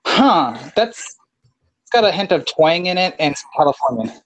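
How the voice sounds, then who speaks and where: A man's voice: a little high, big pitch swings, moderate pace, a bit bright. A man from Texas with a Texas drawl, chatting casually in a laid-back, storytelling way. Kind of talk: casual group chat.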